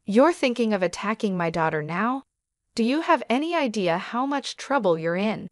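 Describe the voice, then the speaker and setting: A woman's voice: fairly high pitch, animated, moderate pace, no echo, studio quality, close to an everyday voice. A woman voicing a fierce mother confronting her husband in a read-aloud story, firm and indignant.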